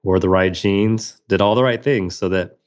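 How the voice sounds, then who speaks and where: With a low-pitched voice at normal speed, this man tells a personal story as a guest on a podcast interview. He is a magician and speaker, and he sounds earnest and reflective, restarting often.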